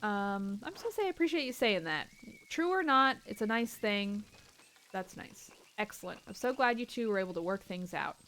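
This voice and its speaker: Woman streamer, mid-pitched, reads game text aloud and drops into quiet muttered quips; slight background hiss. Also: animated, moderate pace. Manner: reads game dialogue aloud between joking asides; drops to soft muttered remarks. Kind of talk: let's-play commentary.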